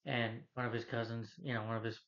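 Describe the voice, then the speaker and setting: Young man, casual movie recap, loose and rambling, average pitch, dull lo-fi sound. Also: flat delivery, fast talker, a bit bright. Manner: rambling, heavy on "you know" fillers, acts out quotes. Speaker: movie reviewer. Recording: slightly dull lo-fi recording.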